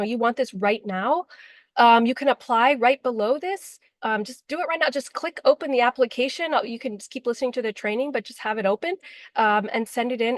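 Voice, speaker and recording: A woman's voice: on the high side, no room sound. Woman coach, heartfelt and emotional direct address, dry recording. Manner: emotional, heartfelt, with frequent fillers. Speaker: relationship coach. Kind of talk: earnest direct-to-camera talk.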